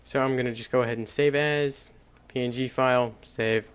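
A young man hosts a casual screen-recorded coding tutorial, rambling, correcting himself as he goes, and chatting with little laughs. His mid-range voice has a clean tone, fairly even intonation, and a moderate pace.

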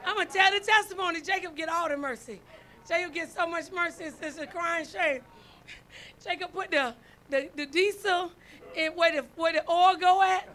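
A first lady preacher delivers her sermon in a very high, sharp voice at a moderate pace. Her style is folksy and story-based, and she calls out "y'all" and "right?" to the congregation.

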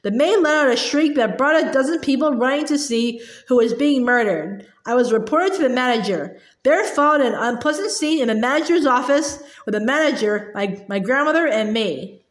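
A woman reading a children's novel aloud, halting often and repeating words as she goes. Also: high-pitched, expressive. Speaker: storybook reader. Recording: roomy echo.

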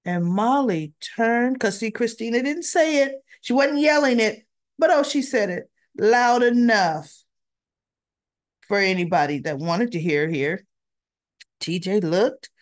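A woman talks through the latest soap episode in a relaxed, conversational way, quoting the characters as she goes. Her voice sits a little high, and she takes her time with each line. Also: a little slow. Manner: chatty, retells scenes with quoted dialogue. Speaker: soap opera reviewer. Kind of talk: casual recap.

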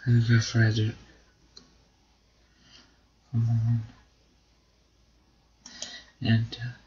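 A man's voice: mid-range voice, monotone, drawn-out words, muffled recording, slight background noise. A man doing casual gameplay commentary, cheering on and pleading with his duck in a mock British accent. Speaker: gamer, video host.

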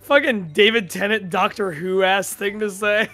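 High, bright-voiced man joking around. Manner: laughing, quick jokes, swears. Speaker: podcast co-host. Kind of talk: casual chat while gaming.

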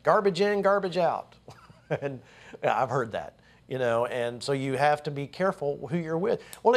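A middle-aged man preaching to a congregation as a show host, in a folksy, conversational way with emphatic bursts. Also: mid-range voice.

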